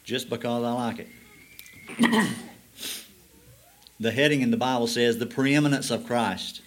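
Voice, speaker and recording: A man preaching a sermon, reading scripture slowly and explaining it with rising emphasis. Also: mid-range voice, a little hiss or hum.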